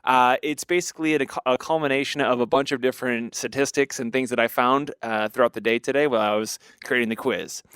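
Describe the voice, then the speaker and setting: A man's voice: medium pitch, steady tone, a little fast, hardly any pauses, fairly bright tone, clear, resonant tone, dry recording. A man hosting a podcast quiz, teasing his co-hosts and laughing easily. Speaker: podcast host running a quiz. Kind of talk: casual chat.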